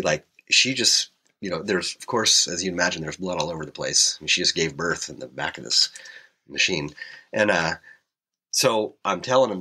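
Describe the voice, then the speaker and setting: A man's voice: deep voice, pushed and bright, slightly rough. A man, a helicopter pilot, telling a rambling story in a casual interview, full of fillers and restarts.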